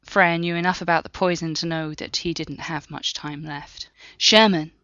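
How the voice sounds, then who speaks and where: A woman narrating a story in a steady, measured reading. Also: low-pitched, no room sound, highs cut off. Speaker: audiobook narrator. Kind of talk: scripted narration.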